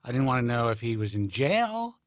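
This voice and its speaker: A man's voice: medium pitch, big pitch swings, brisk, no echo, studio quality. Blunt, profane man co-hosting a show. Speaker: co-host. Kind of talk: casual chat.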